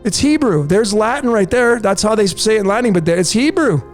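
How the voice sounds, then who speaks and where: Animated and a little fast, the numerology host's high voice pushes insistently through his slides of conspiracy commentary, returning again and again to "folks" and "there it is." Faint music sits underneath.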